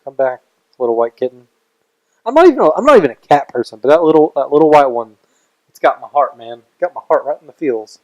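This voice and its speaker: Young male co-host, earnest and rambly, relaxed friend-to-friend chat. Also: on the high side, quick pace. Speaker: podcast co-host. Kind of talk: casual chat.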